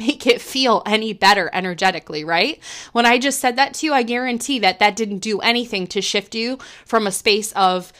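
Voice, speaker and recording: A middle-aged woman hosting a podcast, talking gently and earnestly in a reflective monologue, thinking aloud with frequent restarts. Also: a little high. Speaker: podcast host.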